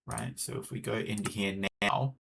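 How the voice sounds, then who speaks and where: A man's voice: lowish voice, steady tone, moderate pace, gravelly, a bit bright, slight background noise. An Australian man chatting casually with viewers while streaming a game, rambling as he talks. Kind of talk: casual live gameplay chat.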